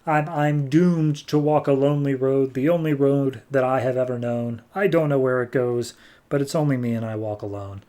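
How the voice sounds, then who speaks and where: A man's voice: mid-range voice, moderate pace, dark tone, close to an everyday voice. A man voicing a weary immortal male wanderer and family man, speaking in a mock-dramatic, self-pitying way. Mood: mock-mournful.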